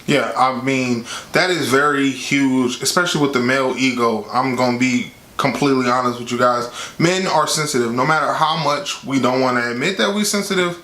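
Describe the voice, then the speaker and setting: Bright-voiced man giving candid advice. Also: mid-range voice, normal speed, few pauses. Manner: candid, conversational, quotes with animated voice. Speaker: vlogger giving relationship advice. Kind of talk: casual advice chat. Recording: echoey room.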